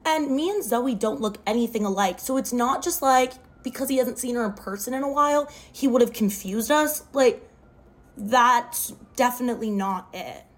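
A woman's voice: a little high, moderate pace. A young woman telling a wild personal story to camera, dramatic and full of "like". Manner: dramatic retelling, often says "like". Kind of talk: storytime vlog.

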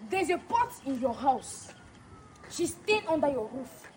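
Woman doing a stern young prophetess, high voice that swoops around, slow and solemn. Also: sing-song, a little mellow, slight background noise, poor audio. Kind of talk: skit drama acting.

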